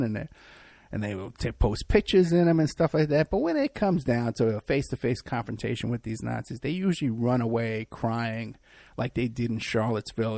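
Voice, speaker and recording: A man's voice: mid-range voice, creaky, a little mellow, no room sound. A man hosting a talk show, delivering a mocking, rambling monologue full of restarts. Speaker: talk show host and private investigator.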